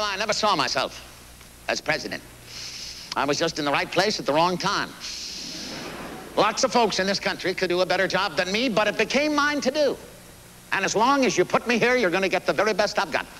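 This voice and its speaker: An actor playing a blunt, folksy older American president with a Missouri accent, performing live on stage. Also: male voice, high voice, pushed and bright, a little hiss or hum, rough recording. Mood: reflective. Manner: folksy, salty, emphatic. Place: theater stage.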